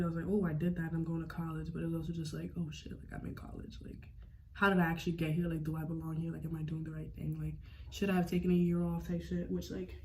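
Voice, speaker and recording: Rambling young woman with a warm voice. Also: fairly low pitch, slight background noise. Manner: slangy, rambling, fills with "like" constantly. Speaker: beauty vlogger. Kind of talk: casual makeup tutorial chat.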